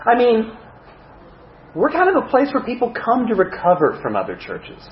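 A man preaching a sermon as a pastor, animated, with self-mocking humor. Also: very high voice, normal speed, echoey room, dull audio, a little hiss or hum.

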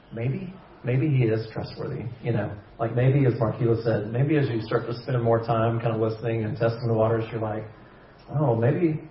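A man leading a church small group discussion, speaking thoughtfully with halting restarts before closing in prayer. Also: fairly low pitch. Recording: echoey room, distant dull mic, faint noise.

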